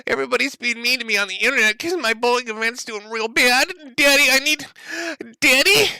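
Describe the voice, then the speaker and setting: A high, whining grown man with an exaggerated Southern drawl, petulant and snide, as a streamer mocks him. The pitch climbs far above his normal talk, and the sound is close and dry. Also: brisk, vocal fry, bright, forceful tone, clear, resonant tone, no echo, heavily acted. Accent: Southern US (put on).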